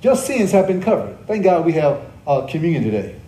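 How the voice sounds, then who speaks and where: Man preaching with a warm voice in a roomy church. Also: fairly high pitch, sing-song, brisk. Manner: repeats key phrases and quizzes the congregation; conversational preaching with joking asides. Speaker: pastor. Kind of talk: sermon. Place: church service.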